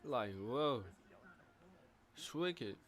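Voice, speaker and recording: A man streaming live, giving casual, slangy reaction commentary that repeats short phrases and breaks into loud bursts of surprise. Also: medium pitch, animated, extremely slow.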